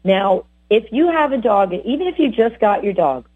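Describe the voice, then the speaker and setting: A woman dog trainer giving lively, chatty advice on bonding with dogs. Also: medium pitch, moderate pace, husky. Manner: animated, chatty, voices the dogs. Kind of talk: casual advice talk. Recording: tinny phone-like audio.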